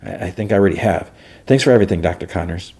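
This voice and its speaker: A man's voice: sits low, racing, darkish tone, slightly rough. A man voicing a nervous, apologetic teenage boy hero, stammering in a raised voice. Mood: anxious. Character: teen boy hero, earnest, guilty, unsure.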